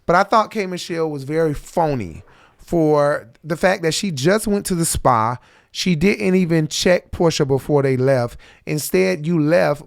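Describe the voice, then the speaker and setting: A man's voice: a little high, vocal fry, no echo, clean studio sound. A man hosting a reaction show, ranting bluntly and profanely about a reality episode. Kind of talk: casual reaction commentary.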